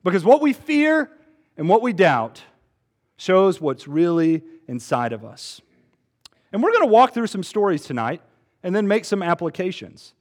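A man in his twenties preaching a sermon, earnest and expressive, rising to emphatic peaks. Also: sits high, a little slow. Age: 20s.

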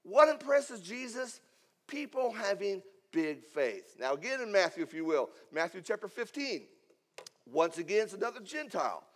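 A man preaching a sermon, swinging between loud emphatic lines and hushed asides. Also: high-pitched, big pitch swings, normal speed. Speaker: pastor.

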